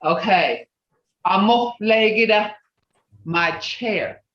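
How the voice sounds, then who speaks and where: A language teacher leading a class over a video call, explaining step by step, patiently and slowly, and correcting mistakes out loud along the way. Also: medium pitch. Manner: self-correcting, with asides. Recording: roomy, distant, dull video call audio.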